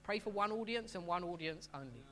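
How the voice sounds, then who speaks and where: A man's voice: high voice, lively intonation, fairly quick, a bit bright. Man preaching conversationally. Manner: conversational, repeats and restarts phrases. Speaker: pastor. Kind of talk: sermon.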